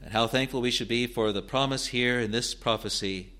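A man teaching through Bible verses in a halting way, often restarting and repeating words, and reading scripture passages aloud with rising emphasis. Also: medium pitch, bright, forceful tone.

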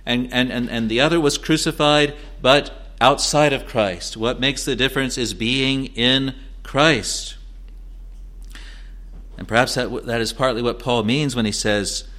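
Male preacher, mid-pitched, expository sermon, repeats phrases, hushed lows to insistent highs. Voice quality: quotes scripture in old wording, repeats phrases for emphasis. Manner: swings between hushed, low passages and rising, insistent declarations.

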